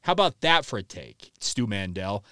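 A man's voice: fairly low pitch, big pitch swings, normal speed, sharp tone, no echo. A man hosting a sports talk podcast, delivering an emphatic, opinionated monologue into a close microphone. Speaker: podcast host.

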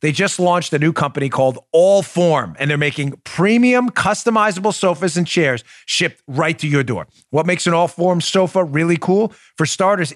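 A man's voice: a little high, a bit bright, no room sound, clean studio sound. A man hosting a political talk show, talking in an emphatic, punchy, conversational way and reading ads. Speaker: host.

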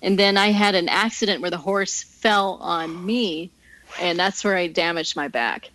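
A woman's voice: lowish voice, measured pace, fairly bright tone, rough recording. A woman talking casually as a guest, telling fishing stories with frequent laughter. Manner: chatty, laughs often, storytelling. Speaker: guest angler. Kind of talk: casual interview chat.

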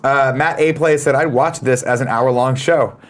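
A man reads viewer comments aloud on a casual talk show, his delivery loose, profane and full of teasing. His voice sits at an ordinary pitch, and he jokes around with the people beside him. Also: steady tone, moderate pace. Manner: profane, joking banter. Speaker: co-host reading chat comments. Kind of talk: casual chat.

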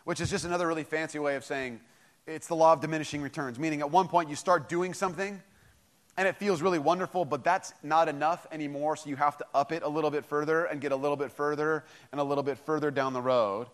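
A man preaching a sermon, telling a story and acting out both sides of a phone call, then dropping to a low, quiet intensity for key points. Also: fairly even intonation, fast. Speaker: pastor.

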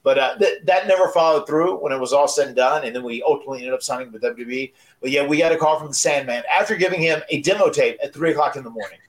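A man in his forties telling a casual story on a podcast, animated and often repeating words as he restarts sentences. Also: a little high, fast, hardly any pauses, rough recording. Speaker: wrestler and podcast co-host.

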